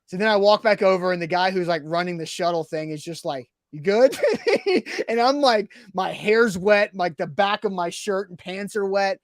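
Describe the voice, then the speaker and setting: A man co-hosting a sports podcast, telling a story in a casual, animated way and acting out his own reactions. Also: high voice, moderate pace, few pauses, no echo, studio quality.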